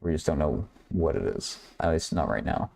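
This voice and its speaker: A man's voice: very deep voice, lively intonation, moderate pace, vocal fry, darkish tone. A man hosting a math livestream, working through problems aloud while chatting with viewers and laughing often. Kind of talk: casual livestream problem-solving.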